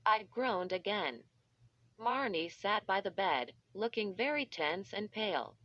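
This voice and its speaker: A woman's voice: medium pitch, animated, unhurried. A synthetic-sounding woman reading a children's horror story aloud, reading the text literally and spelling out letters. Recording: dull lo-fi.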